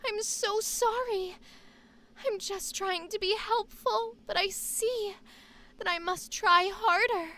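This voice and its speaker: A woman voicing a timid, overly sweet young woman who talks in a soft, apologetic, hesitant way. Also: very high voice, fairly even intonation, takes it slowly, pitched above the performer's own voice, full character voice. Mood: meek, apologetic.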